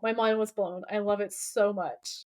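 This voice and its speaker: A woman's voice: medium pitch, steady tone, unhurried. A young adult woman co-hosting a podcast, effusively retelling TV scenes by quoting the dialogue. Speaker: podcast co-host. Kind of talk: casual recap chat.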